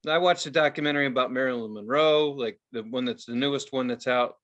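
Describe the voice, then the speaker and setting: A man co-hosting a podcast in casual chat, ranting in an animated, profane way. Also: medium pitch, fast, lo-fi sound. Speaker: podcast co-host.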